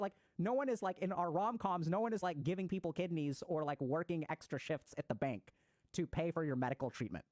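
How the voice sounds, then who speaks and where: A man's voice: on the high side, darkish tone, no echo. A man giving a recorded talk on psychology, explaining ideas and acting out everyday examples. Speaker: mental health speaker. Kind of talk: recorded talk on attachment styles.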